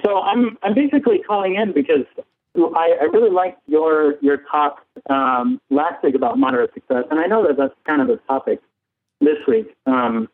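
A man from San Diego calling in to a show, halting, with many ums and nervous laughs. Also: fairly high pitch, lively intonation. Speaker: caller. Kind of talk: casual call-in chat. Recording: phone line.

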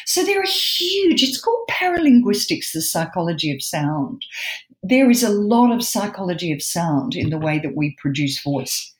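A woman's voice: medium pitch, very animated, normal speed, echoey room, rough recording. A woman, explaining voice in an interview as an expert guest, emphatic and demonstrative.

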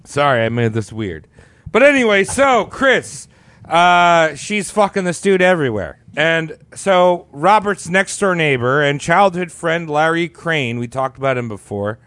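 A man's voice: on the high side, lively intonation, unhurried, fairly bright tone, no echo. A man casually telling a crude story on a podcast, rambling and acting out quotes. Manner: rambling, profane, acts out quotes.

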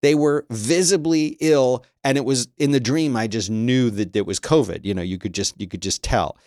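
A man's voice: fairly low pitch, fairly quick, a little mellow, dry recording, studio quality. A middle-aged man hosting a show, chatting casually about the news and breaking into exasperated rants as he reads articles aloud. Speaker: podcast host.

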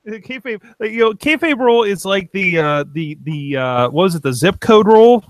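A man's voice: high-pitched, animated, moderate pace, no echo. A man co-hosting a casual wrestling chat show from a home studio, rambling and interrupting himself. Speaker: podcast co-host. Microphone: webcam.

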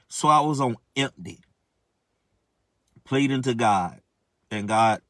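A man's voice: mid-range voice, lively intonation, a bit bright, no echo. Man giving an emotional testimony, lots of stammers and repeats, dry close mic. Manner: halting, repetitive, many restarts and stammers.

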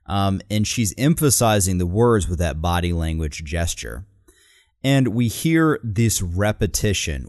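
A man's voice: low-pitched, expressive, measured pace, darkish tone, dry recording, clean studio sound. A man co-hosting a podcast, casually breaking down a political speech and animatedly quoting lines. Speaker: podcast co-host analyzing speeches. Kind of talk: casual analytical chat.

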